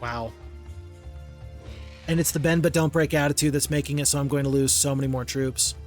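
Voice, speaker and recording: Faint music runs behind a gaming host as he reasons through a strategy game, counting units softly to himself. His slightly high voice holds a level tone and moves fast, and he's relaxed and frank about his own errors.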